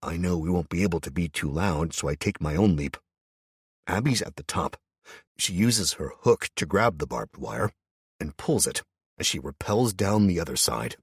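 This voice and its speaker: A man's voice: sits low, lively intonation, normal speed, breathy edge, no echo, clean studio sound. A man narrating a first-person audiobook in a tense, wry manner.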